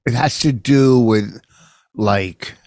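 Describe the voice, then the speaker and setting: Gravelly older man rambling. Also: medium pitch, a little mellow, no echo, clean studio sound. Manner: rambling, halting, searches for words. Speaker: podcast co-host. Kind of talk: casual comedic banter.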